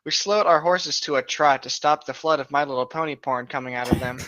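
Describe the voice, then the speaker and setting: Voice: mid-range voice, brisk, fairly bright tone, no echo. A reader reading fan fiction aloud while sick, stumbling and laughing at the text. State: coughing, sick. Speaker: podcast reader. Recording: dull lo-fi mic.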